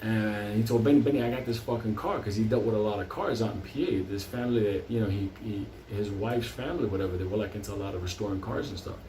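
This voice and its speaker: A man's voice: on the low side, quick pace, hardly any pauses, warm tone, a little hiss or hum. A man telling a long comic story from his life, rambling and swearing constantly. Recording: roomy, distant mic.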